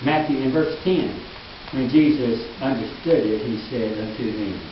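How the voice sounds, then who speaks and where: A male pastor preaching a sermon in a church, earnest and emphatic, dropping into quiet asides. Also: mid-range voice, moderate pace, noisy background. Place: church sanctuary. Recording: echoey hall, distant mic, dull lo-fi.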